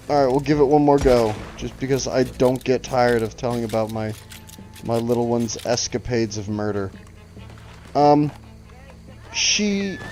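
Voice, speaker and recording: A man's voice: medium pitch, a little mellow. A man streaming a game, telling a long story in a casual, profane, rambling way over his mic. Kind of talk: casual gaming chat.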